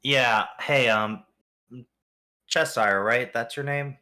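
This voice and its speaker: A man's voice: mid-range voice, fairly even intonation, takes it slowly, pushed and bright. A man playing his character in a tabletop game, rambling in a drawling way. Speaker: player. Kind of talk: casual in-character role-play.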